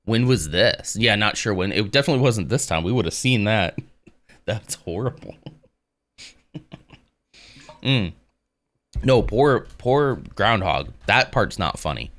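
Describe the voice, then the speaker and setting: A man with a low voice speaks loosely and conversationally. He drifts between reading text aloud and replying to his live audience. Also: unhurried, long pauses. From United States. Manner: relaxed and rambling, reads text aloud and answers chat. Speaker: live streamer. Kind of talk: casual live-stream chat and reading aloud.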